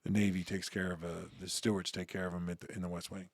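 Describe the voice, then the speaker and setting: A former uniformed security officer guests on an interview show, telling anecdotes in casual conversation with a low, husky voice at a quick pace. He animatedly acts out quoted dialogue and often restarts his sentences. The recording is dry, with clean studio sound.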